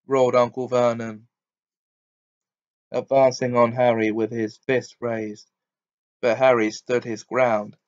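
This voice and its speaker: A man reading a novel aloud as a steady audiobook narrator. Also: medium pitch, takes it slowly, long pauses, highs cut off. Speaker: audiobook reader.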